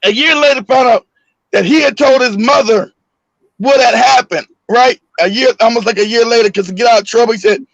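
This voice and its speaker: A man telling a story in casual chat, animated and swearing often, acting out the voices in his story and shouting the quotes. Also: very high-pitched, a little fast, creaky, no room sound, lo-fi sound. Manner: swears freely, laughs often.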